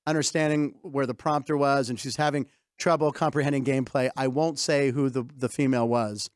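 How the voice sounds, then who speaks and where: A man's voice: medium pitch, fairly even intonation, brisk, dry recording, studio quality. A man hosting a comedy sports show, telling stories and joking with guests, laughing often. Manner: jokey storyteller, laughs often. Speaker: host. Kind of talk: casual comedy sports chat.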